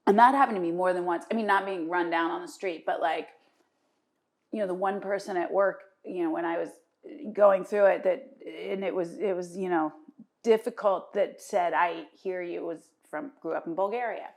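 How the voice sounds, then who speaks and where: A middle-aged woman, the guest, chatting casually over a meal and telling lively stories, often jumping in. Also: fairly low pitch, normal speed. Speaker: interview guest.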